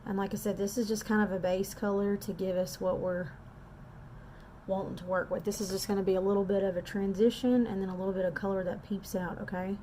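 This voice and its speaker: A woman's voice: mid-range voice, flat delivery, brisk, mellow, a little hiss or hum. Chatty woman doing makeup. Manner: chatty, self-deprecating, talks straight to viewers. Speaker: makeup artist. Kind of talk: casual makeup tutorial chat. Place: home.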